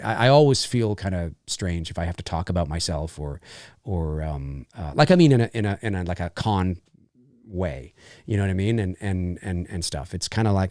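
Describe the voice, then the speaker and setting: Animated rambling man hosting a Q&A. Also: sits low, moderate pace, dry recording, studio quality. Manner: rambling and animated, full of fillers and restarts, swearing. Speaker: channel host. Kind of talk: casual live Q&A chat.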